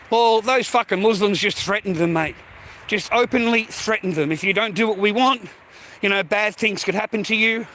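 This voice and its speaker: Australian man, live streamer, rambling profane rant, high-pitched, sharp tense tone. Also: a little hiss or hum. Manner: profane, repetitive, addresses viewers as mate.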